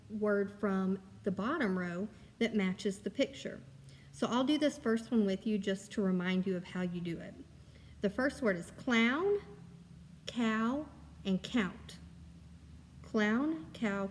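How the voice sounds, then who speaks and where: A kindergarten teacher, a woman, talks young children through their worksheets with patient, encouraging step-by-step explanations. Her voice sits at an ordinary middle pitch. It rings with a long reverb, as if recorded in a large, echoey room. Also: darkish tone.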